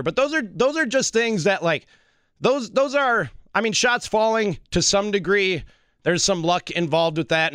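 A man guest-hosting a sports talk radio show, loud and playful, talking fast and now and then singing his lines. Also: fairly high pitch, no echo. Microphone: studio microphone.

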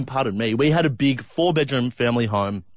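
A man's voice: mid-range voice, animated, normal speed, dry recording, clean studio sound. A man co-hosting a casual radio show, reminiscing and laughing easily. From Australia. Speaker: radio co-host. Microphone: studio microphone.

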